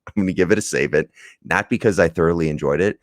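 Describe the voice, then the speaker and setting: Talking fast in a low-sitting voice, this podcast co-host rambles through a casual movie review, laughing and cursing along the way. The studio sound is clean, with no echo.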